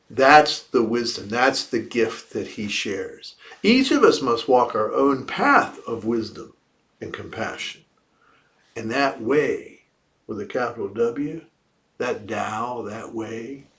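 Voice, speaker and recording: Slow, reflective male Buddhist teacher. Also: medium pitch. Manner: reflective, asks rhetorical questions and repeats key phrases. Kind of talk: dharma talk after meditation. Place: livestreamed evening service.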